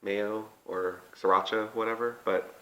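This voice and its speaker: A man's voice: fairly low pitch, little pitch movement, unhurried, fairly bright tone, a little hiss or hum. Man, vlog host, casual mukbang chat, chatty, upbeat, roomy echo.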